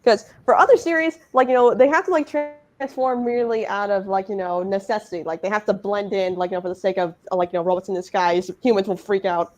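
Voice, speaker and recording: A woman's voice: mid-range voice, steady tone, fast talker, few pauses. A woman co-hosting a casual fan podcast, rambling with many fillers. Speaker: podcast host. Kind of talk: casual chat.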